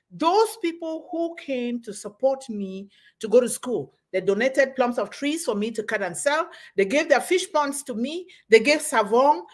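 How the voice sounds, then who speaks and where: A middle-aged woman from Cameroon hosting a live online webinar, giving an impassioned motivational talk that repeats phrases and swings in pitch and loudness. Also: expressive, moderate pace. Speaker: host.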